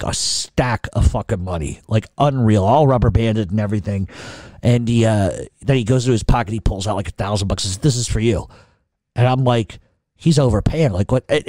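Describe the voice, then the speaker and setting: Middle-aged male podcast host, loose profane storyteller, mellow tone. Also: medium pitch, no echo. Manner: profane, rambling, with many restarts. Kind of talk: casual storytelling.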